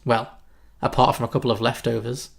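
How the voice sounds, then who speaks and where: A man's voice: mid-range voice, flat delivery, a little fast, vocal fry. A man from Liverpool co-hosting a podcast, reading a silly script aloud with amused banter. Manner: amused, laughs often. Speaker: podcast co-host.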